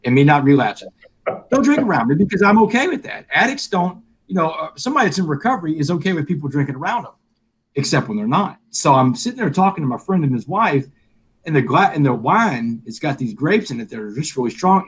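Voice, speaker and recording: This middle-aged man has a fairly high, slightly rough voice and talks quickly. Appearing as a live interview guest, he recounts something from his own life with animation, performing the lines of dialogue.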